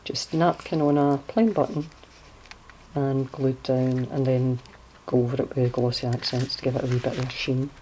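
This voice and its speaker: Low-voiced woman, chatty craft walkthrough. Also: normal speed, slight background noise, rough recording. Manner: chatty and relaxed, hunting for words, correcting herself mid-sentence. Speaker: crafter showing her handmade journal.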